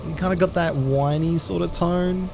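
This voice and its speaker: A man's voice: on the high side, fairly even intonation, creaky, noisy background. A man chatting casually with his viewers while streaming a game, laid-back and rambling. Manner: laid-back, rambling, frequent restarts, quick laughs. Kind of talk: casual live-stream chat while playing.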